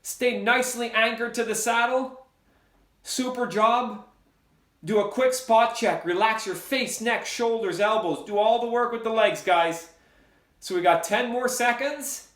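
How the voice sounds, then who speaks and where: A man's voice: very high voice, unhurried, fairly bright tone, reverberant. A man leading an indoor cycling workout, counting down intervals and giving encouraging, repetitive cues. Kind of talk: coaching a workout class.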